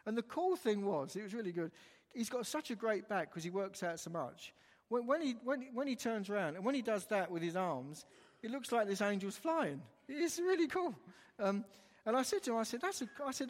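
A man's voice: high-pitched, lively intonation, brisk. A man preaching a sermon, telling a story animatedly and retelling the dialogue line by line. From England. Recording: long hall reverb.

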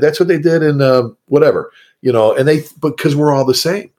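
A middle-aged man, a fire chief, talking casually and animatedly, jumping into high mocking voices for people he quotes. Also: fairly quick, darkish tone. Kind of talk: casual podcast conversation.

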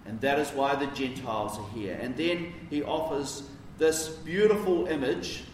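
A man's voice: mid-range voice, measured pace, slight background noise. Conversational man preaching in an echoey church. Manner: conversational, emphatic asides. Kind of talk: sermon. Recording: roomy echo from a distance.

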